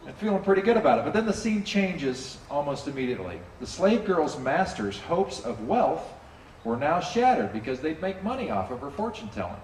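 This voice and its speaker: Speaking at normal speed in a slightly high voice, a pastor delivers an animated, conversational sermon, slipping in playful character bits and frequently asking the congregation to participate. The sanctuary sounds roomy, picked up by a distant mic with faint ambience and slight background noise.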